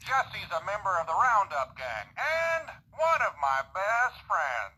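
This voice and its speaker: A man's voice: high voice, big pitch swings, slow, sharp tone, slightly rough, full character voice, poor audio. A man voicing a cheerful cartoon cowboy toy in short voice box phrases, with a hearty folksy drawl.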